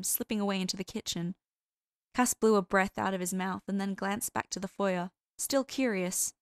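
A woman narrating fan fiction as an audiobook reader in a measured storytelling way. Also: medium pitch, no room sound.

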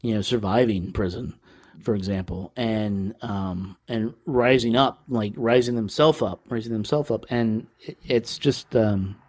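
A man's voice: on the low side, unhurried, darkish tone. A man hosting a music show, chatting casually about records in a loose, rambling way, with fillers and self-corrections. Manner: laughs lightly between remarks. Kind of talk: casual music review chat.

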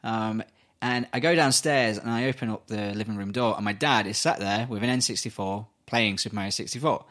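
A British man co-hosting a podcast in casual chat, swearing freely and telling animated stories with acted-out voices. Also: on the low side, brisk, few pauses. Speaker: podcast co-host.

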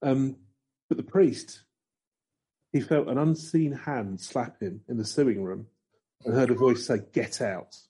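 Husky, sardonic male podcast co-host. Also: medium pitch, unhurried, long pauses, dark tone. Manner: sardonic, wry storytelling. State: slight frog in throat. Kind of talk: casual banter.

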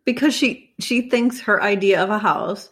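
A woman's voice: medium pitch, normal speed, a bit bright. A woman co-hosting a podcast, chatting casually about a TV episode with dry, sardonic asides. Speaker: podcast co-host. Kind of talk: casual chat recapping a TV episode.

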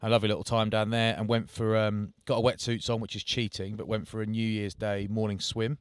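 A man's voice: fairly low pitch, level tone, brisk, smooth, no room sound, clean studio sound. A middle-aged man co-hosting a podcast, telling self-mocking stories in casual chat. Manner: jokey storytelling, self-mocking. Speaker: podcast co-host.

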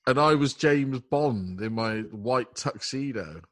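A man's voice: mid-range voice, lively intonation, takes it slowly. A British man with a mid-range voice banters on a radio show, easygoing and wry, and keeps dropping joking asides. He is recorded close on a dry mic with no room echo. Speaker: radio co-host.

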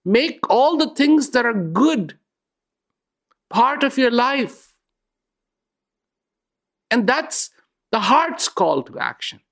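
A middle-aged man giving a reflective inspirational talk, unhurried and storytelling, with sudden lifts in pitch. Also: big pitch swings, gravelly. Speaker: host, speaker.

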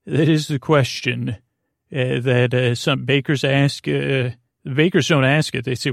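A man's voice: mid-range voice, fairly even intonation, unhurried, gravelly, no room sound, studio quality. A man hosting a sleep podcast, rambling through a meandering bedtime monologue with goofy asides.

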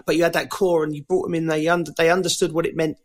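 A man swaps stories on a casual podcast. His voice sits slightly high. He talks in a loose, laddish way, restarting sentences as he goes. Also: little pitch movement, rapid-fire. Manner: chatty storyteller, laddish slang, many restarts. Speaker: co-host, former footballer.

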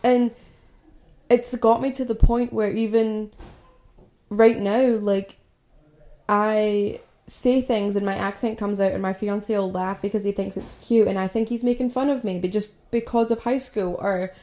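A woman's voice: medium pitch, steady tone, a little slow, warm tone. A young woman from Scotland hosting a podcast, telling a personal story in a candid, conversational way with lots of "like" and "you know". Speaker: podcast host.

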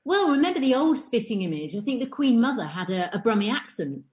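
A woman's voice: on the high side, sing-song, brisk. A woman, an impressionist guest, chatting in an interview with a hesitant, giggly manner. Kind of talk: casual interview chat.

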